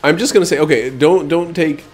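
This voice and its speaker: A man casually commenting while he streams a video game, rambling, joking and breaking into excited outbursts. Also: a little high, fairly quick, faint music behind. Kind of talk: casual let's-play commentary.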